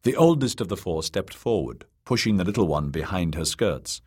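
Male audiobook narrator, low voice, husky, expressive pitch, measured telling. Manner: measured storytelling.

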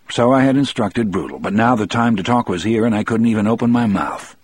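A man narrating an audiobook in the first person, measured and reflective. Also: on the low side, a little mellow, slightly rough, no echo.

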